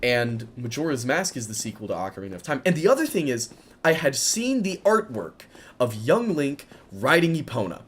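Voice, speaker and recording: A man in his twenties telling a rambling story while commenting on his own gameplay, chatty and excitable, breaking off to react loudly. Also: mid-range voice, moderate pace, slightly rough. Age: 20s. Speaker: gaming video creator.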